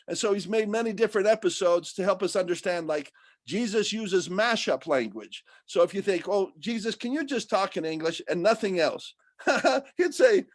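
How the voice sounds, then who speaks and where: A man talking casually and at length about faith and art, rambling and animated, often restarting his sentences. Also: high-pitched, moderate pace, dry recording.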